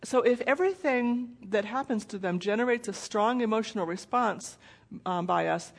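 A woman's voice: fairly high pitch, moderate pace, creaky. A middle-aged woman giving a parenting presentation in a conversational way, intense without raising her voice. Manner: conversational, acts out quoted voices. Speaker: parenting speaker. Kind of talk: presentation talk with slides.

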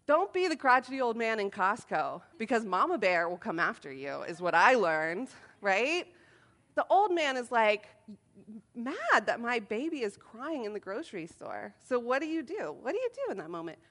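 A woman in her thirties speaking at a moms' meeting, telling funny, self-deprecating stories in an animated way. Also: on the high side, normal speed. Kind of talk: humorous talk to a group.

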